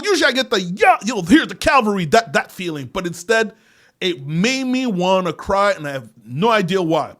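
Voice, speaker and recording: A man hosting his own podcast alone, rambling and swearing, laughing often and losing his words, swinging between loud bursts and quiet mutters. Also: sits high. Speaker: podcast host. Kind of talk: casual solo monologue.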